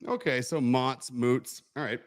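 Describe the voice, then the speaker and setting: A man's voice: mid-range voice, steady tone, a little slow. A man co-hosting a livestream, joking around in a laid-back, casual way. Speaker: livestream co-host. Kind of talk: casual chat.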